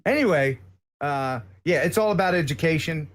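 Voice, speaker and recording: A man's voice: on the high side, lively intonation, normal speed. An American man chatting casually as a guest on a live stream, rambling and joking with lots of filler words.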